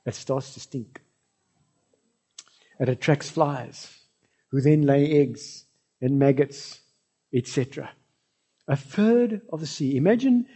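A husky-voiced pastor with a South African accent preaches a sermon, swinging between loud cries and soft, low asides.

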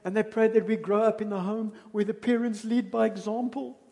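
A South African pastor with a high, warm voice, vocal fry, and little pitch movement preaches a little quickly. Telling a story in South African English, he keeps a conversational tone broken by emphatic bursts, and the church hall adds a long reverb.

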